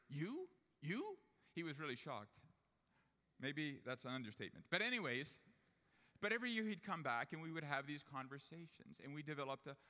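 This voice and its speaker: Male preacher, storytelling sermon, bright forceful tone, long hall echo. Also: a little high. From Jewish family upbringing. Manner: storytelling, rising to emphatic preaching.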